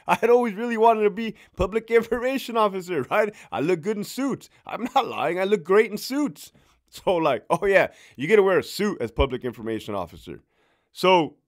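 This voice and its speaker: A man and former prison officer telling a casual, profane story, laughing as he goes. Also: high-pitched. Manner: animated, profane, laughing as he tells it.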